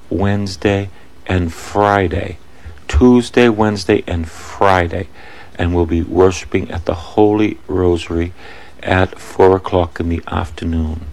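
Radio priest, very low voice, reads out addresses and phone numbers over and over. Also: male voice, darkish tone, low-quality recording. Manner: repeats addresses and numbers slowly for listeners. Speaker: Catholic priest, radio host. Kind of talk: radio appeal and announcements.

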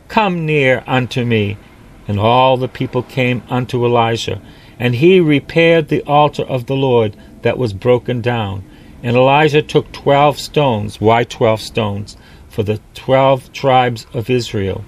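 A priest preaching a sermon, reading scripture aloud and breaking off to explain it, lifting his voice when he quotes God or a prophet. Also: medium pitch.

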